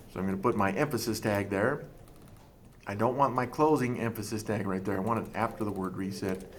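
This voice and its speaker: A man teaching a coding class over a screen recording, talking through each step in a relaxed, thinking-aloud way. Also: fairly low pitch, a little hiss or hum.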